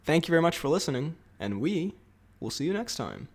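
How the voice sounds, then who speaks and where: A young man with a slightly high voice co-hosts a casual podcast. He jokes, rambles and breaks into laughter often. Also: big pitch swings, brisk, darkish tone. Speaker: podcast co-host. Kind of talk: casual chat.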